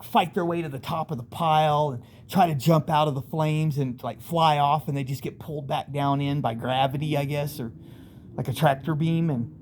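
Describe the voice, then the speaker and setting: A man's voice: a little high, darkish tone. Rambling man telling a wild story. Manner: rambling, vivid, acts out voices in bursts. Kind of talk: casual first-person storytelling.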